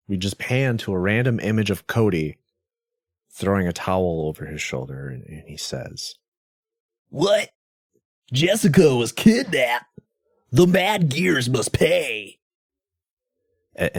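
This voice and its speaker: Wry, animated male podcast host. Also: sits low, dry recording, studio quality. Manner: wry, self-deprecating asides. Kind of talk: casual commentary.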